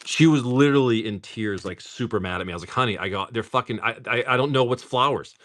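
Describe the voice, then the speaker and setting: A man's voice: medium pitch, fast talker, fairly bright tone. A middle-aged man hosting a casual live stream. He jokes, laughs often, swears freely and rattles off card names while opening packs.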